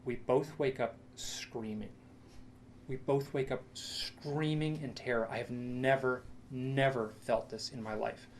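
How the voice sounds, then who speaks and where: A middle-aged man speaks in a lecture room, recounting a personal experience in a storyteller's way. His voice is mid-pitched with a gravelly, fry-tinged texture, and he often stops, restarts and repeats phrases. A faint noise sits behind the recording. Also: fairly even intonation. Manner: halting, repeats himself, dramatic quoted asides.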